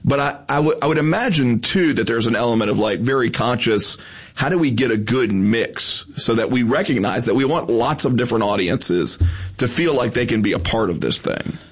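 Husky-voiced man hosting a chat. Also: medium pitch, lively intonation, normal speed. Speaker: podcast host. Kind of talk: casual chat.

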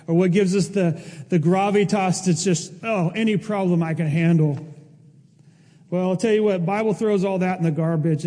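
A male pastor preaching a sermon in an impassioned way, his voice rising toward near-shouts. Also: high-pitched, long reverb tail.

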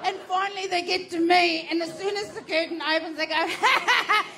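A woman's voice: very high-pitched, steady tone, fast, a bit bright, a faint crowd, slight background noise. Brash, sweary Australian woman comic. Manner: brash, sweary, laughing through punchlines. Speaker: stand-up comedian. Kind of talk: stand-up storytelling.

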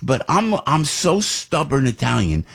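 A man hosting a political talk show, rambling and repeating himself in an animated way. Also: mid-range voice, measured pace, gravelly, husky. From New Jersey.

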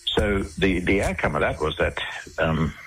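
A very low-voiced Australian man talking as a radio guest, rambling through a long account with lots of restarts. A faint hiss of line noise sits under his voice. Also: lively intonation, moderate pace, fairly bright tone, poor audio. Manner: rambling, with many restarts and repeated words. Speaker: interview guest. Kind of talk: casual radio interview storytelling.

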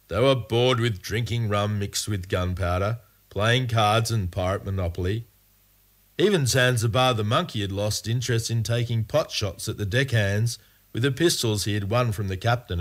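A man's voice: fairly low pitch, a bit bright. A man narrating a scripted storybook adventure in a playful, wry way.

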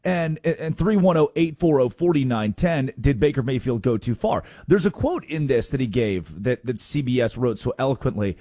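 A man hosting a sports talk radio show, animated and quick to jump in, often repeating himself. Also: mid-range voice, no room sound, clean studio sound.

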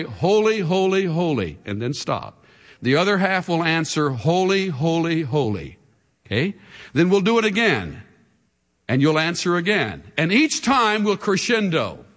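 A man preaching a sermon to a congregation, swinging from hushed words to shouts. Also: high-pitched, big pitch swings, moderate pace, in a large hall. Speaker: pastor.

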